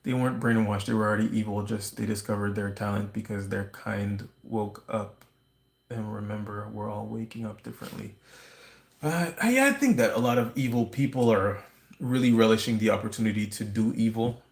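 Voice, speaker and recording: A man rambles through a conspiratorial livestream monologue, full of restarts and wry asides. His voice sits low with a gravelly fry. The sound carries a roomy echo. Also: normal speed. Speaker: livestream host. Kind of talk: casual ranting monologue.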